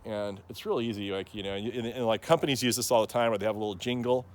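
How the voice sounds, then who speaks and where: A man's voice: fairly low pitch, steady tone, rapid-fire. A man talking casually to camera as a plant grower, rambling and joking with lots of fillers and frequent chuckles. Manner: chuckles often.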